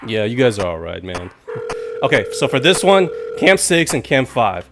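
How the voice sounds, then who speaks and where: A man's voice: mid-range voice, very animated, moderate pace, background noise. A man streaming a game live, chatting in a rambling way with sudden jumpy outbursts when startled. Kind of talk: casual live gaming commentary.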